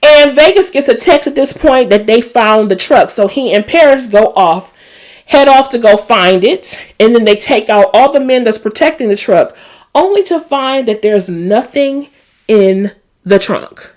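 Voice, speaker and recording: A woman's voice: on the high side, a little slow. A woman hosting a casual TV episode recap, chatty and emotional, with a Black lilt. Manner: chatty and animated, emotional asides. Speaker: recap host.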